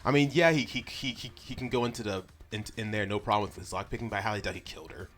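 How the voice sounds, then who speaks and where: A man's voice: on the low side, rapid-fire, a bit bright, faint music behind. A man streaming a game live, chatting casually with viewers, stammering and laughing as he talks. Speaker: let's play streamer.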